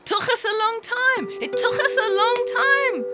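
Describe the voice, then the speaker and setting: A woman doing a high teasing old father. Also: expressive, normal speed, over loud music. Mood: amused. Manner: high, teasing, repeating a pun. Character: playful elderly father, loves wordplay.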